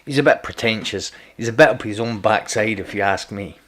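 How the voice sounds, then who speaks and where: A man's voice: lowish voice, a little fast, fairly bright tone. Chatty man streaming a game. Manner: chatty, repeats words, teasing. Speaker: gaming streamer. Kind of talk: casual live gameplay chat.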